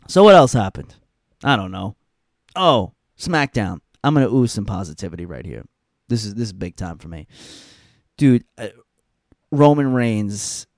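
Young adult man, podcast host, profane rant, lively pitch swings, dry close sound. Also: vocal fry, dry recording. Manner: blunt, profane, emphatic repetition. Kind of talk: casual ranting commentary.

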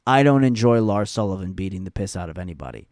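A man's voice: sits low, lively intonation, fast, a little mellow, no echo, studio quality. A young adult man hosting a podcast, ranting in a blunt, profane way and repeating points for emphasis. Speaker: podcast host. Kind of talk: casual ranting commentary.

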